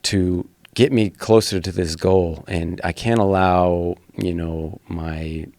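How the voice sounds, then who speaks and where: A man's voice: low voice, fairly even intonation, slow pace, a little mellow, no echo. A man in his thirties, a fighter and podcast guest, telling his personal story in an earnest, blunt way with some swearing.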